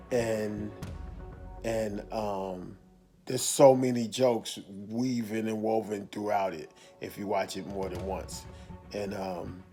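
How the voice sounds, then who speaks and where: A man's voice: lowish voice, mellow. A man giving a casual video review of a movie, rambling, repeating himself and restarting his sentences.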